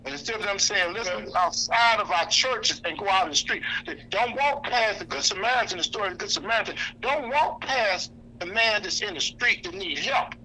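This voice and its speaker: A man's voice: high-pitched, expressive, brisk, bright, forceful tone, a little hiss or hum, rough recording. A man giving an impassioned, blunt speech to a lunch audience, preaching, quoting scripture and repeating himself for emphasis. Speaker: activist speaker. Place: indoor lunch gathering.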